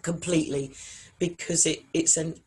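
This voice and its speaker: A middle-aged woman, a singer and vocal coach, telling her story to an interviewer in an animated, expressive way. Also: deep voice, normal speed, a little hiss or hum. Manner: animated, expressive, acts out other people's lines in quotes. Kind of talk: emotional conversational storytelling.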